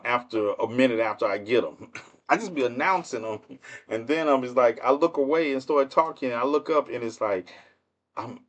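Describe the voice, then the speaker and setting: Mocking, laughing man streaming commentary. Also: fairly low pitch. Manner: mocking, laughing, rhetorical, animated. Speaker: livestream host. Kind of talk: casual political commentary.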